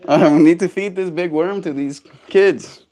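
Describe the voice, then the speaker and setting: A man's voice: high voice, a little slow, mellow, pitched above the performer's own voice. A bossy mother bird speaks in brash, slangy bursts, as a man puts her on. The voice is a casual vlog bit, not a polished performance. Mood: indignant.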